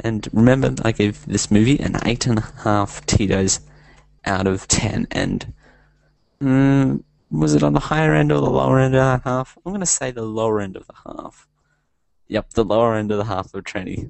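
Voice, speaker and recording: Gravelly rambling male podcast reviewer. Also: on the low side, darkish tone, dry recording, low-quality recording. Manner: rambling, hesitant, self-amused, lots of fillers. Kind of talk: casual rambling review segment.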